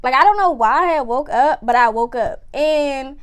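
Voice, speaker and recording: A young woman casually telling a personal story to camera, talking fast with lots of fillers and acting out what people said. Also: high voice. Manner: fast, animated retelling with lots of "like" and acted-out quotes.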